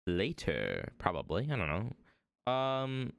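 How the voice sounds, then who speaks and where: A young man with a smooth, somewhat low voice drifts through an unhurried, rambling chat while he works on his art for a stream. His talk is playful and lively in pitch, often trailing off as if he is thinking aloud. The sound is dry and close, with no room around it. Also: no echo. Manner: rambling, playful, talks to himself. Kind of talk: casual chat while working.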